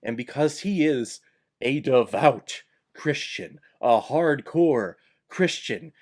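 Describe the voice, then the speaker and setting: A man's voice: medium pitch, expressive, slow, a little mellow. A man giving a casual vlog movie review in a sarcastic, blunt and exasperated way.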